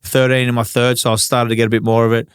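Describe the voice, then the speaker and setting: Laid-back Australian man with a smooth voice. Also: mid-range voice, little pitch movement, quick pace, dry recording, studio quality. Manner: laid-back, swears freely, acts out old arguments. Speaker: guest, former footballer. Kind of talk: casual storytelling interview.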